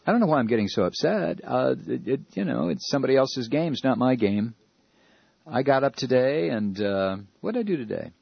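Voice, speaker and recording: A man's voice: medium pitch, lively intonation, fairly quick, gravelly, breathy edge, no room sound, lo-fi sound. A man hosting a talk radio show, ranting sarcastically and rambling with many fillers. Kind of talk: opinionated talk radio monologue.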